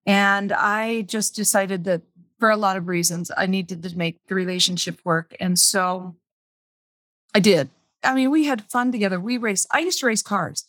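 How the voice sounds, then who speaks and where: A woman's voice: mid-range voice, moderate pace, a bit bright, no room sound, studio quality. A woman guest on a podcast, candidly telling her own story in plain words and repeating phrases for emphasis. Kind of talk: personal storytelling interview.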